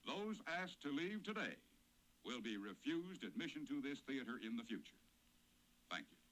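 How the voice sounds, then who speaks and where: A man's voice: medium pitch, sing-song, normal speed, a bit bright, rough recording. A man voicing a stern, formal theater announcer scolding the audience in a cartoon.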